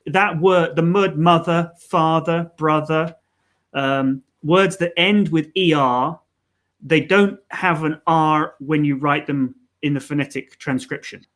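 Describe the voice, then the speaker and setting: On a live learning stream, a co-host talks through pronunciation slowly, his voice a little high, a bit bright, and fairly even in intonation. He's casual and hesitant, full of ums and restarts as he explains.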